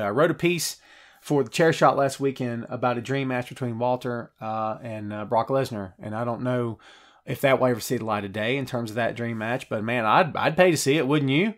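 A middle-aged man hosting a live show and reading viewer comments out loud. He talks in a loose, chatty way and gets excited easily. His pitch sits in the middle range for a man, and he fills his speech with ums and false starts. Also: brisk. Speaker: wrestling podcast host.

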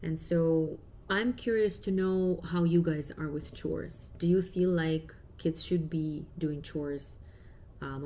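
Casual mom vlogger in her thirties, warm low register, talks to camera with lots of fillers. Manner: chatty, reflective, uses many fillers. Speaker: parent vlogger.

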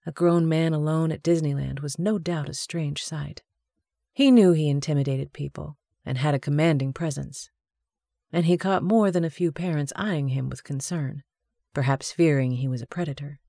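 Female audiobook narrator, warm tone, steady even read, dry close sound. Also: low voice, dry recording. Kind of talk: scripted narration.

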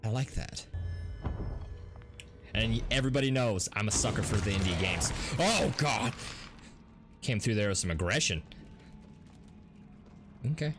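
A man hosting a gaming video, commentating a let's play in an excitable way, gasping and laughing as he plays. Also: lowish voice. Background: game music.

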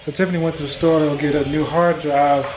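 A man chatting casually in a home vlog, rambling and relaxed as he explains his chores. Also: a little high, fast, noisy background. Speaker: vlogger, husband. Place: carpeted home room. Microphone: handheld compact camera.

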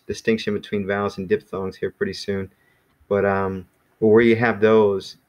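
Relaxed low-voiced man teaching a class. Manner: relaxed, rambling, many fillers. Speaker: Greek teacher. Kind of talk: casual online class teaching.

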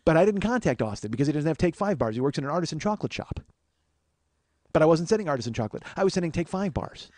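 A man in his forties tells a comic story as a profane, exasperated rant. His voice sits high and swings widely in pitch. The recording is dry and close to the mic. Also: sing-song, fast, darkish tone, no echo. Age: 40s. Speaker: podcast host. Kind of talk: comedic storytelling monologue.

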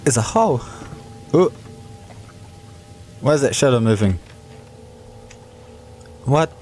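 A man's voice: mid-range voice, sing-song, slow, darkish tone. A man hosting a casual let's-play video, joking around in a goofy, self-mocking way. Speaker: gaming video host. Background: game music.

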